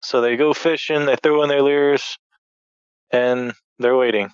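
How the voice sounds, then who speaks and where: Smooth-voiced podcast guest, slightly lo-fi. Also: male voice, medium pitch, fairly even intonation, a little slow, no room sound. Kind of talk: casual episode recap chat.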